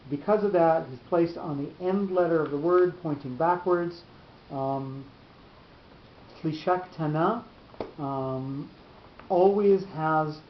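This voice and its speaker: A man teaching a Torah class in a deliberate, halting explanatory lecture, often restarting his phrases. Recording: roomy, dull lo-fi recording with faint rumble.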